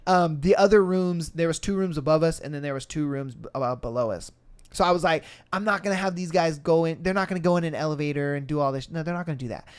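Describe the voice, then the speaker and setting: A man's voice: fast, clear, resonant tone. A man hosting a podcast, telling a story casually, acting out quotes and swearing often. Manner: animated, acts out quotes with shifting pitch and volume, laughs and swears often. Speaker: podcast host.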